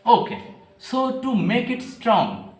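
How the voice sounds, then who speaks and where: A man's voice: very high-pitched, very animated, takes it slowly, reverberant. A male English teacher giving a classroom grammar lesson, explaining step by step and repeating key phrases. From Bangladesh.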